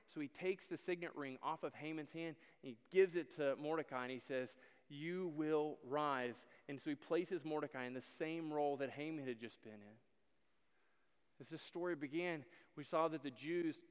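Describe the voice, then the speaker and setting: A man's voice: on the high side, clear, resonant tone. Dramatic preacher man in an echoing hall. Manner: dramatic storytelling, swings between loud and hushed. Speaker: pastor. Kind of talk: sermon. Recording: long hall reverb.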